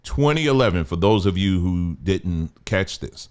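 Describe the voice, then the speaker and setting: A man's voice: sits low, expressive, unhurried, darkish tone, smooth. A man hosting a livestream, talking emphatically, repeating his points and asking rhetorical questions. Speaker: livestream host. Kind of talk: livestream commentary.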